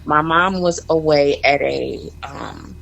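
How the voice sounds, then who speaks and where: A woman's voice: low-pitched, slow pace, creaky, a bit bright, low-quality recording. A woman in her forties, a guest in a radio studio, telling a heartfelt story about motherhood while holding back tears. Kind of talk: emotional personal story.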